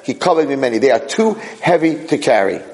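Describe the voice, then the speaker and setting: A man teaching a Torah class in a lively way, mixing in Hebrew phrases and acting out quotes with sudden high outbursts. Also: fairly quick, low-quality recording.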